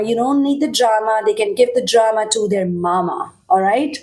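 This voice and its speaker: A woman's voice: fairly high pitch, fairly even intonation, normal speed, a little mellow. A woman giving a collective tarot reading, talking directly and reassuringly and often checking in with "okay?". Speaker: tarot reader.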